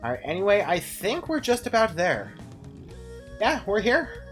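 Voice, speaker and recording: A man's voice: high voice, wildly swooping pitch, moderate pace, a bit bright, soft background music. A young man streaming a game, rambling through casual commentary with frequent swearing and laughs. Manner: rambling, profane, laughs often.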